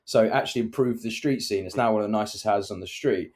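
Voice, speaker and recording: Lower-voiced man telling a story. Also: fast talker, darkish tone. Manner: anecdotal storytelling, acts out quoted voices. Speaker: podcast co-host, property developer. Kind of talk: casual chat.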